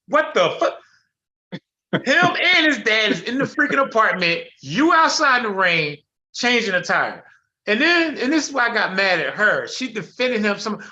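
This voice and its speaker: A middle-aged man telling a story on a video call, blunt and animated, full of slang and cursing. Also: sits high, normal speed. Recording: muffled video call audio.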